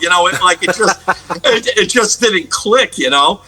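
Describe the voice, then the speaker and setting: A man's voice: high-pitched, expressive, normal speed, sharp tone, faint music behind, poor audio. A middle-aged man from the United States, a guest guitarist telling stories in a casual interview, rambling with many fillers and restarts.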